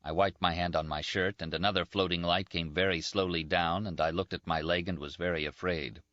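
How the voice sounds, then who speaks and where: A man reading a novel aloud in a measured, grave first-person narration, in a muffled dry recording. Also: low voice, fairly even intonation, sharp tone, no room sound. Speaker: audiobook narrator. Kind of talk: scripted narration.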